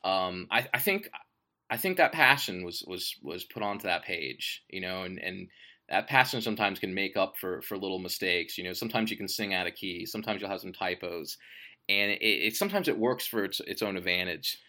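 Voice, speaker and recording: A man speaks in a loose, unscripted monologue about his own writing, swearing freely and circling back on his thoughts. His voice sits a little low but comes across bright and forceful. He sounds passionate and unpolished. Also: animated, a little fast. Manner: profane and rambling; enthusiastic. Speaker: author. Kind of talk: casual monologue.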